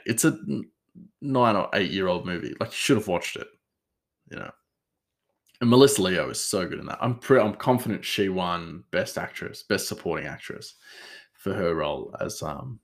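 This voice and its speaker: A man with a fairly low voice talks alone on his podcast in a loose, rambling way. He stumbles through fillers and corrects himself as he goes. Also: gravelly. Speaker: podcast host. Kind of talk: casual solo chat.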